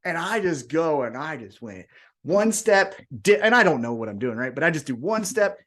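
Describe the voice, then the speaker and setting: A man co-hosting a wrestling podcast, telling a story in a loose, profane style. His pitch swings up and down a lot, and he slips into the voices of the people he describes. It is a relaxed livestream chat. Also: moderate pace. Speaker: podcast co-host.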